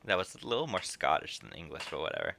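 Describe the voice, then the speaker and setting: A man's voice: very deep voice, big pitch swings, fast talker, gravelly, pushed and bright. A young man streaming a game, making casual self-mocking remarks between readings. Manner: laughing, self-mocking asides. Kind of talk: casual gameplay commentary.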